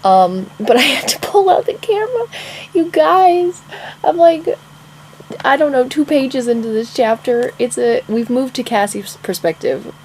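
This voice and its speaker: A woman's voice: high-pitched, expressive, a little slow, darkish tone, slight background noise, rough recording. A young woman author chatting casually in a vlog, gushing and laughing often as she talks about and reads her own draft. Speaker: author vlogger.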